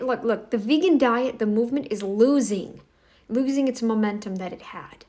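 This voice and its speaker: A woman's voice: on the high side, normal speed, dark tone. A woman giving casual reaction commentary in a blunt, scolding, emphatic way.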